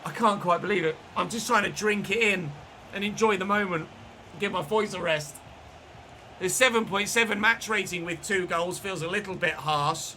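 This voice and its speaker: A man commentating his own football video game match, excitable and shouting at goals, his voice going hoarse. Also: sits high, moderate pace, faint music behind. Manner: shouts and celebrates goals, then chats calmly. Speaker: gaming commentator. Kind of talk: excited live gameplay commentary.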